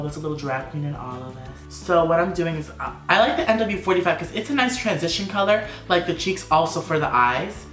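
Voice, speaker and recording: A man's voice: a little high, pushed and bright. A man talking through a makeup tutorial vlog in a sassy, campy, playful way. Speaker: makeup vlogger. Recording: echoey room.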